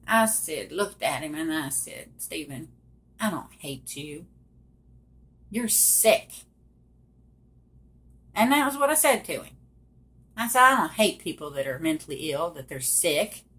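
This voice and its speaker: Middle-aged woman, slightly low pitch, direct and emphatic personal storytelling to camera. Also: sing-song, normal speed, pushed and bright. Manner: emphatic, addresses viewers directly. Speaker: survivor telling her story.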